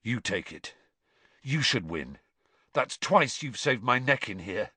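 A man reading aloud and voicing a noble older teenage boy who speaks low and quietly. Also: animated, measured pace, breathy edge, no room sound, full character voice. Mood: earnest, quiet.

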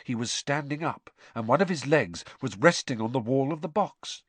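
Husky man reading a story aloud. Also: medium pitch, normal speed, no echo. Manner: expressive reading with lively voice changes. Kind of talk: audiobook narration.

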